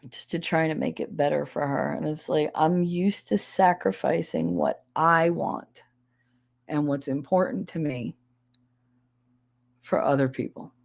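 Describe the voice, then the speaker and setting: Gravelly, blunt New Jersey woman. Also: low-pitched, fairly even intonation, unhurried, darkish tone, dry recording. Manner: blunt, abrasive, heavy cursing. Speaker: livestream host. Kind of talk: casual livestream chat reading comments.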